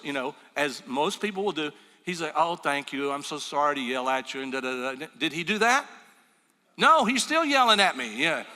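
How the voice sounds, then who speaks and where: A man's voice: on the high side, pushed and bright. A man preaching a sermon as pastor, telling folksy stories and acting out the people in them. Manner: folksy storytelling with quoted voices. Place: large church auditorium. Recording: church hall reverb.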